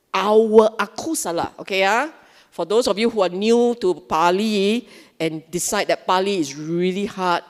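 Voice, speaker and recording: A woman with a Singaporean English accent giving a Buddhist dharma talk, animated and often asking her audience questions. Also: medium pitch, big-room sound. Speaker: Dhamma speaker. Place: Buddhist centre hall.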